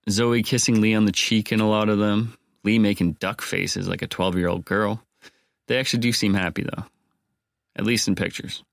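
Male podcast host, low voice, dry close-miked sound, joking and casual. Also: fairly even intonation, normal speed, creaky, dry recording. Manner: wry, joking asides.

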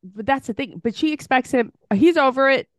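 A woman co-hosting a podcast, giving quick, opinionated reactions in a casual chat about a reality show. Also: sits high, dry recording, studio quality. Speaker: podcast co-host.

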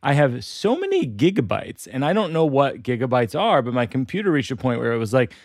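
A man's voice: medium pitch, huge pitch swings, a little fast, a little mellow, dry recording, clean studio sound. A man hosting a comedy podcast, telling rambling stories full of fillers in casual chat. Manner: rambling storyteller, lots of fillers.

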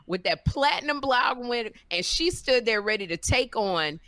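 Woman comedian, podcast co-host, bright tense voice, dry close sound, animated storyteller. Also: moderate pace, no echo. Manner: animated, acts out quotes with big pitch jumps. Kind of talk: casual storytelling chat.

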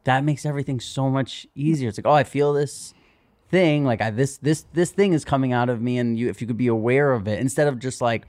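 A man's voice: mid-range voice, brisk, darkish tone, no room sound. A man chatting as a podcast guest, rambling with lots of "like" and acting out little quotes. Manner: rambling, frequent "like", acts out quotes. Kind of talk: casual chat.

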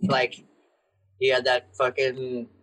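A man's voice: medium pitch, monotone, slow pace, a bit bright, low-quality recording. A man guesting on a podcast in casual chat, loose and profane, often laughing as he talks.

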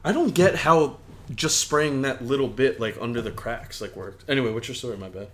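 A man's voice: mid-range voice, brisk. A man in casual podcast chat, joking, swearing and acting out voices.

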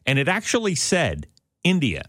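A man telling an anecdote in casual chat, animated and jumping into high-pitched quotes. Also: moderate pace, no room sound, studio quality.

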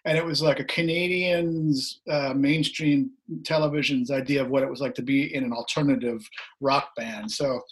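A middle-aged man, a guest musician, telling anecdotes in a casual, animated way over a video call, his voice a little hoarse. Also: medium pitch, normal speed. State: slightly hoarse. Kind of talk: casual storytelling.

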